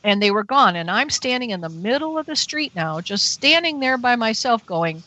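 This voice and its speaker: A woman's voice: on the high side, animated, moderate pace, hardly any pauses, pushed and bright. A woman guest on a radio interview show, telling a personal story earnestly and breathlessly. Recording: dull, dry radio show audio.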